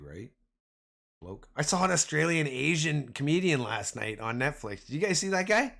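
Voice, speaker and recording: A man's voice: mid-range voice, gravelly. A Canadian man with a Canadian accent giving casual, slangy live market commentary to his chat. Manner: slangy, animated, addresses chat as man and boys. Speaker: stock trading livestreamer.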